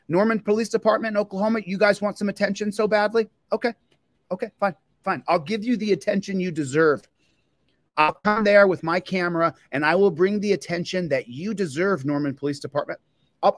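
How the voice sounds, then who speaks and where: A man's voice: high voice, dry recording, studio quality. Fired-up man ranting on a livestream. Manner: fired up, repetitive, confrontational. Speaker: livestream host and police auditor. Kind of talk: angry livestream rant.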